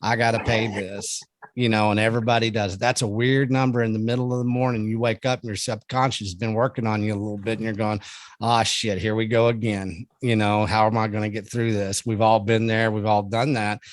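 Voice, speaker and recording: A man's voice: fairly low pitch, level tone, a little fast, no room sound. A middle-aged man talking earnestly in casual conversation, often ending his points with "man". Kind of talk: casual chat.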